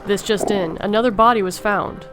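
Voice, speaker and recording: A woman's voice: mid-range voice, moderate pace, fairly bright tone, faint music behind, close to an everyday voice. A woman voicing a female TV news anchor, reading a crime report in a formal broadcast delivery. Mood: grave.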